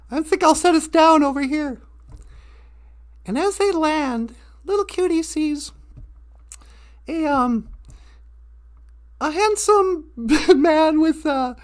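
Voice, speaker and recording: A woman telling a folk story on a live stream. Her voice is high. She speaks in a relaxed, folksy way and chuckles at her own tale.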